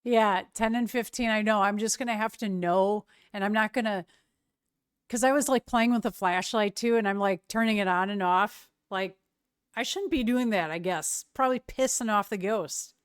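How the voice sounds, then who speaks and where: A woman streamer chatting casually with her viewers, relaxed and quick to laugh. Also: mid-range voice, clear, resonant tone, dry recording, clean studio sound.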